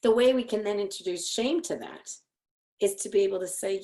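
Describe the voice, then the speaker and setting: A middle-aged woman psychologist giving an educational talk, telling lively stories and acting out what people say. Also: medium pitch, fairly quick. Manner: animated storytelling, acting out quotes. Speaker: clinical psychologist presenting.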